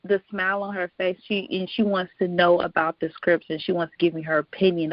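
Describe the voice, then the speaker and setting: A woman's voice: on the low side, fairly even intonation, fast talker, few pauses, dry recording. A woman, a guest on a podcast, telling stories in a reflective, casual way and laughing often. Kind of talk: casual interview chat. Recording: dull lo-fi podcast audio.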